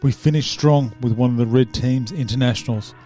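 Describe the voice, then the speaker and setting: Chatty host, warm mellow voice. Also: male voice, mid-range voice, fairly quick, faint music behind. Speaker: podcast host. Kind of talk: casual interview chat.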